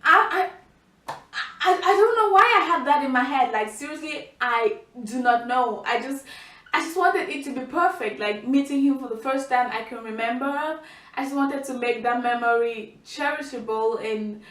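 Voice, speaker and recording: A young woman telling a personal story to camera, chatty and animated, with lots of fillers and restarts. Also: sits high, moderate pace. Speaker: vlogger. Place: indoor room by a window. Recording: roomy, distant mic.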